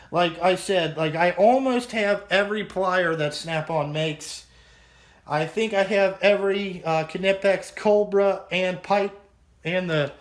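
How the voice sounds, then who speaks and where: A man's voice: sits high, a bit bright, slight background noise. A man in his thirties giving a casual show-and-tell as a vlogger, blunt, profane and rambling. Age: 30s. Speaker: vlogger showing his toolbox. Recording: echoey room.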